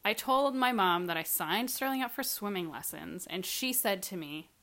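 A woman's voice: mid-range voice, expressive, moderate pace, a bit bright, a little hiss or hum. A woman in her thirties co-hosting a podcast, telling stories in casual chat with exasperated, sweary outbursts. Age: 30s. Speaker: podcast co-host.

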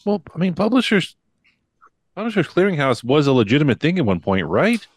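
A man co-hosting a podcast, asking questions and thinking out loud. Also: fairly high pitch, big pitch swings, fairly quick, dry recording. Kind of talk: casual chat.

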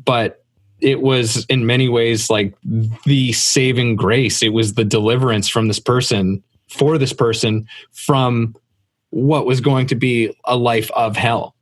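A man in a relaxed podcast conversation, speaking loosely with frequent "like" and easy laughter. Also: medium pitch, measured pace, no echo. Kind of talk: casual conversation.

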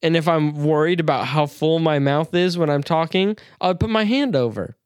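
A man's voice: fairly high pitch, moderate pace, clean tone, no room sound, clean studio sound. A man co-hosting a casual podcast chat, joking and swearing with frequent laughter. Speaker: podcast co-host.

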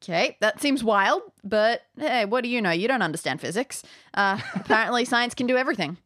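A woman's voice: fairly high pitch, lively intonation, fairly quick, fairly bright tone, dry recording. A woman narrating an interactive adventure game as game master, playful and descriptive. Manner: playful, descriptive, laughs easily.

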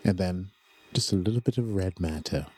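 A man co-hosting a casual movie watchalong, relaxed and playful, with short reactions and jokes. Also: low voice, moderate pace, breathy edge, faint music behind. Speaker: podcast co-host.

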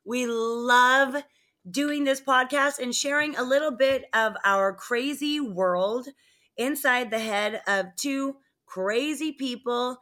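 A high-voiced woman talks at a slow pace on a podcast she co-hosts. Laughter comes often as she animatedly tells amusing stories in an easygoing chat.

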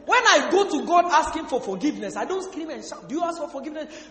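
A male pastor preaching a sermon, asking the congregation questions and breaking into sudden shouts. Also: very high voice, sing-song, quick pace, hardly any pauses, a faint crowd. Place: church hall. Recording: echoey hall with faint music.

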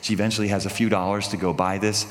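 A man with a fairly low voice preaches to his congregation in a conversational, storytelling way. His voice carries a long reverb through the church hall. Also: level tone, fast talker. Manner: conversational storytelling, drops to a hush for tender moments. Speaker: pastor. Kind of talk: sermon. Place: church sanctuary.

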